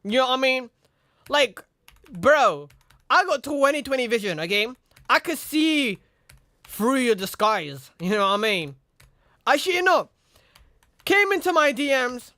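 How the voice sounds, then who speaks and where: A man's voice: very high voice, lively intonation, unhurried, long pauses, bright, forceful tone, no echo. A young man casually telling a rambling story, repeating "you know what I mean" and acting out the people in it. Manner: acts out the other people in his story. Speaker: streamer.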